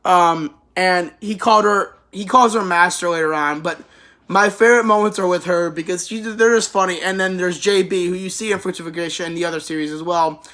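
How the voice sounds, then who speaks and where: A woman's voice: fairly low pitch, steady tone, fairly quick, fairly bright tone. A woman giving a casual anime review, rambling through the plot with profanity and laughter.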